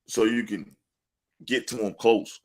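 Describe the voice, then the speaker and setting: A man with a lowish voice talks a little slowly while co-hosting a sports podcast. Boastful and laid-back, he tells lively stories, laughing and cursing along the way.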